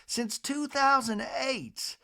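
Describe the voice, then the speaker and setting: A man doing a high, drawn-out impression of a gracious older Southern society matriarch. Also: pushed and bright, full character voice. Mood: genteel.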